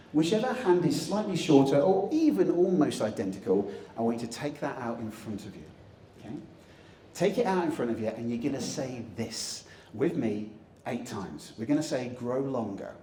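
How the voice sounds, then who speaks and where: A man's voice: medium pitch, warm tone, slight background noise. A young man giving a jokey motivational stage talk, leading the audience in chants and magic tricks. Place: conference hall stage. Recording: echoey hall, distant mic, faint ambience.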